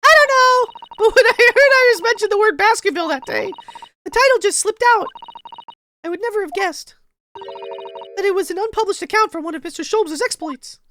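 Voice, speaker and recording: A man voicing a polite, gentle young woman assistant from a mystery game in a soft, high falsetto. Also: animated, moderate pace, slight background noise, heavily acted. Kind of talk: reading game dialogue aloud.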